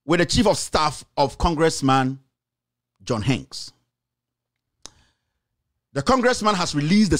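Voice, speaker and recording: High, lively Ghanaian man ranting. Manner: emphatic, repeats himself, slips into Twi phrases. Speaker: online show host and journalist. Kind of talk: impassioned political commentary.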